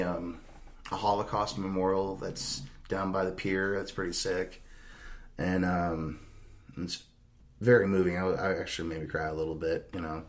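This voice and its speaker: A man's voice: low voice, slight background noise. A young adult man telling a long, rambling, profane road-trip story on a podcast, laughing as he goes. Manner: rambling, profane, laughs through his anecdotes. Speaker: podcast host. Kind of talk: casual storytelling.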